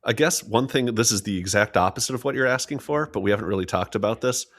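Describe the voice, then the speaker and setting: A man's voice: lowish voice, fast, a bit bright. A man co-hosting a casual podcast, giving enthusiastic, joking restaurant recommendations. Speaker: podcast co-host. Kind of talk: casual chat.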